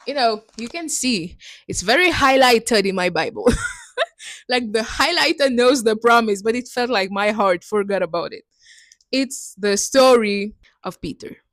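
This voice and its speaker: A woman's voice: medium pitch, fairly bright tone, no echo. Earnest woman sharing a faith story. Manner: earnest, emotional, laughs between lines. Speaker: missionary sharing testimony. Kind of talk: personal faith testimony.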